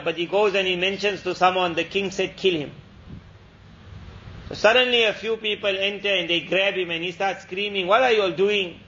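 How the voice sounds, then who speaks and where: A man's voice: high-pitched, a bit bright, a little hiss or hum. A man giving an Islamic lecture, telling a moral story in an earnest, repetitive preaching manner. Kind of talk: storytelling sermon. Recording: dull lo-fi lecture recording.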